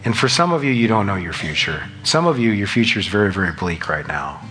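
A man preaching a sermon as pastor, emphatic and rising in pitch and volume on key lines. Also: lively intonation, quick pace, sharp tone.

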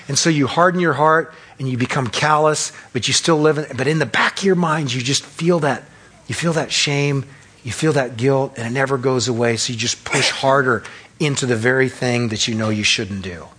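A man preaching a sermon as pastor, acting out quick voices of the accuser and of self-righteous churchgoers. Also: medium pitch, husky. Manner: acts out voices of Satan and churchgoers, animated.

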